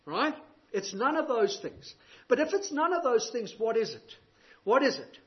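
High-voiced preacher, lo-fi. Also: male voice, big pitch swings, moderate pace. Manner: rhetorical questions, emphatic and varied delivery. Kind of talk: sermon.

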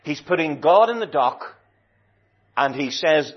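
A man preaching a sermon in a slow, deliberate and emphatic way, stretching key words. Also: fairly high pitch. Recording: dull lo-fi recording.

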